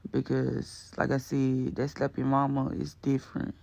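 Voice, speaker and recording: A man's voice: medium pitch, completely flat delivery, a little slow, gravelly, darkish tone. A man giving a chatty, slangy voice-over for his cooking video, rambling along with lots of fillers. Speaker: cooking vlog host. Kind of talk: casual voice-over narration.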